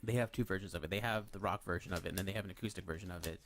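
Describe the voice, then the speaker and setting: A man's voice: deep voice, rapid-fire. A man hosting a podcast, chatting casually and rambling through a story with lots of fillers and restarts. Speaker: podcast host. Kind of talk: casual chat.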